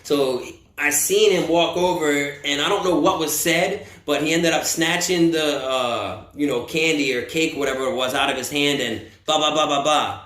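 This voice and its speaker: A man from the United States telling a story in a casual, profane, animated way, acting out what people said. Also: fairly high pitch, normal speed. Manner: profane, animated, acts out quotes. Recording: roomy echo.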